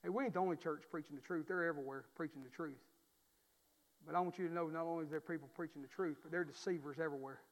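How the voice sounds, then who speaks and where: Preacher, high voice, church reverb. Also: male voice, fairly even intonation, rapid-fire, highs cut off. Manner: emphatic, folksy, repeats phrases for emphasis. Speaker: pastor. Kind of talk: preaching a sermon. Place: church sanctuary. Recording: long reverb of a church hall.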